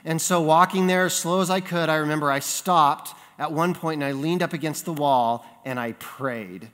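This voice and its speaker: A man preaching a sermon, telling a childhood story in an animated way and acting out the voices in it. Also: high-pitched, moderate pace, few pauses. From California. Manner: animated storyteller, acts out voices in his anecdotes. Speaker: pastor. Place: church sanctuary. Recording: long reverb of a church sanctuary.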